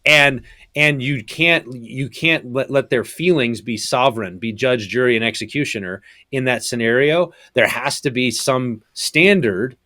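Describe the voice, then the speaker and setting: A man's voice: medium pitch, measured pace, bright, forceful tone, dry recording. Thoughtful man explaining, dry sound. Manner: thoughtful, explains in steps with many ums. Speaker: pastor and professor, podcast guest. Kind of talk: casual podcast conversation.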